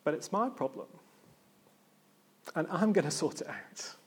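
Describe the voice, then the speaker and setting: A man preaching a sermon in an earnest, reflective way, with pauses and gentle emphasis. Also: a little high, lively intonation, husky.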